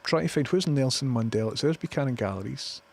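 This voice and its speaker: A man's voice: mid-range voice, lively intonation, quick pace, vocal fry, darkish tone. Sweary Glaswegian man streaming live. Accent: Scottish, Glaswegian. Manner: sweary, opinionated, chatty. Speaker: livestreamer. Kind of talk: casual live-stream chat.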